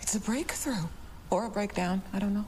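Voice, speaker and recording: An actress as a calm, earnest therapist. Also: female voice, medium pitch, a little fast, close to an everyday voice. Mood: coaxing. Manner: calm, coaxing. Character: earnest group therapy leader. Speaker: group therapist. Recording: noisy sitcom clip.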